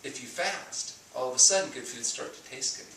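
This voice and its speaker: A man's voice: medium pitch, animated, a little fast, gravelly, pushed and bright, slight background noise. A man giving a talk on health to an audience, telling stories and acting out the people in them. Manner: storytelling, acts out dialogue. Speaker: doctor giving a talk on fasting. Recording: echoey room, mic at a distance.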